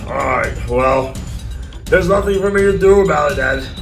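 A man's voice: a little high, lively intonation, moderate pace, reverberant, faint music behind. A man voicing a cartoon, talking in a whiny, exasperated way. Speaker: cartoon narrator and voice actor. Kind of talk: cartoon acting.

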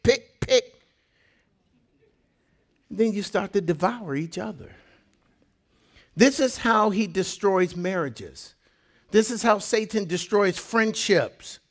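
A male pastor preaching a sermon, animated, dropping to hushed tones for emphasis and telling stories with laughing asides. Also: on the high side, creaky.

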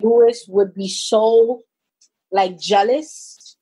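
A woman's voice: mid-range voice, steady tone, extremely slow, dark tone, breathy edge, low-quality recording. A young woman recounting a personal experience, rambling and restarting as she tells it. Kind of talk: personal storytelling.

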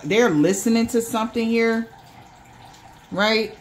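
With a higher-pitched voice and a measured pace, this tarot reader keeps things loose and profane, acting out the voices of the people she describes. A little hiss or hum sits under the recording.

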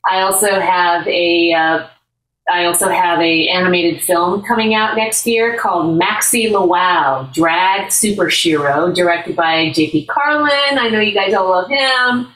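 A woman's voice: on the low side, measured pace, echoey room, recorded from a distance, low-quality recording. A woman, an actress and voice actor, chatting casually and upbeat about her projects on a video call. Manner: warm, upbeat, a little rambling. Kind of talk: casual panel chat.

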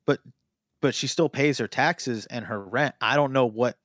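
A man's voice: medium pitch, moderate pace, a bit bright, no echo, clean studio sound. A man co-hosting a live improvised comedy stream, hesitant and full of fillers and restarts, talking into a desk mic. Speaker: co-host.

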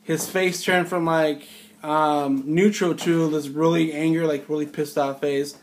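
A man's voice: on the high side, level tone, measured pace, a little hiss or hum. A man in his forties telling a rambling, incredulous story in casual conversational style. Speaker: storyteller recalling film-set security work. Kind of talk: casual spoken anecdote.

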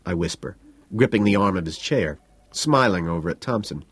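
A man reading a novel aloud as an audiobook, in an even, understated first-person narration. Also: low voice, moderate pace, slightly rough, no room sound. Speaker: audiobook reader.

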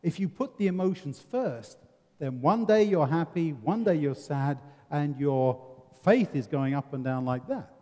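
A man's voice: on the high side, expressive, unhurried, darkish tone. A man with an English accent leading a seminar discussion, earnest and given to rhetorical questions and wry humour. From England. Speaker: seminar presenter. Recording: reverberant hall.

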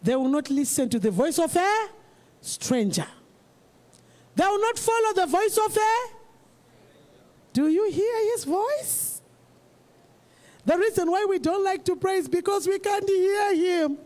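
Very high-pitched emphatic preacher. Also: animated, unhurried, pauses often. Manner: emphatic and repetitive, rising to shouts. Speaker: pastor. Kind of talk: sermon.

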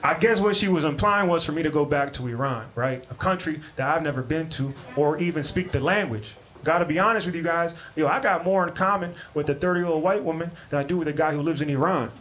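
A man in his thirties doing a brash, profane stand-up set on a comedy club stage, slipping into quick character voices. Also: on the high side, fairly bright tone. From Maryland, US. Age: 30s. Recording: live club recording with audience noise. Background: audience laughter.

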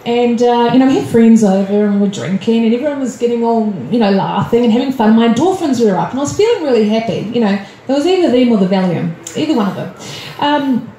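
A woman's voice: a little high, lively intonation, fast talker, hardly any pauses, warm tone. A woman from Australia doing a nervous, self-deprecating stand-up set, chatty and full of ums. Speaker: stand-up comedian. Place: comedy club stage. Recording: roomy club with faint crowd noise.

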